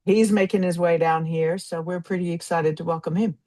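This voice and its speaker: A woman's voice: on the low side, fairly even intonation, a little fast. Upbeat woman from New York. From New York, of Puerto Rican roots. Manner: warm, upbeat storytelling. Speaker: guest. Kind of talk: casual interview.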